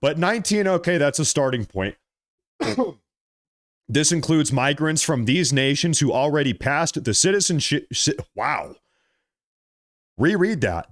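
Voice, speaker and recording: A man hosting a political commentary vlog, talking in a mocking, animated way and drawing out his emphasis. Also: a little high, a little slow.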